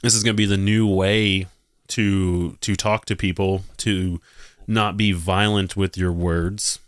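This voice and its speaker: Male podcast host with a very deep voice, dry close sound, talking off the cuff in a scoffing, sarcastic tone. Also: level tone, measured pace, clear, resonant tone, no echo. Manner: sarcastic and mocking, with frequent laughs and restarts. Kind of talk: casual commentary.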